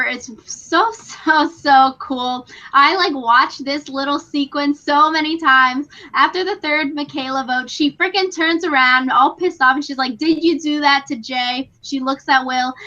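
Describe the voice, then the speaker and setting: A young woman co-hosting a podcast in casual, excitable chat, full of "like" and quick laughs. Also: high-pitched, highs cut off. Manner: chatty, excitable, frequent "like" and laughs. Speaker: podcast co-host.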